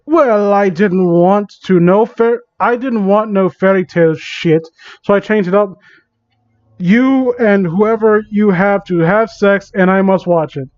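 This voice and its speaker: A man voicing a crude, domineering schemer with slow, drawn-out delivery, on a dull lo-fi mic. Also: high voice, a little mellow, no echo. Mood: smug.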